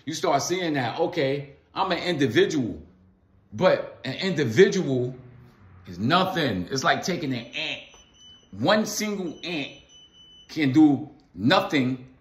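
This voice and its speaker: Recorded in a room with echo, this male vlogger muses philosophically in a casual monologue. His voice is on the high side and a bit bright; he repeats phrases for emphasis and addresses viewers in loose slang.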